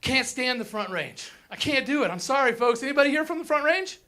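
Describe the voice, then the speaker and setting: A man's voice: extremely high pitch, animated, a little fast, bright, forceful tone. A young man from Colorado doing a crude stand-up comedy set on a theater stage, ranting and mimicking whiny locals.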